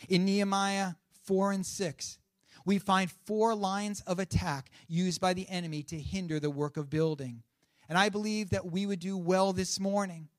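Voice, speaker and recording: High-voiced preaching pastor, dry sound. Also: male voice, no echo. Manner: preacherly, rising and falling emphasis, calls to congregation. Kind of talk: sermon.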